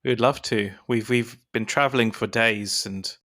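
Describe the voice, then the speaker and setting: A man's voice: mid-range voice, moderate pace, sharp tone. A man taking part as a player in a tabletop game, making dry jokes.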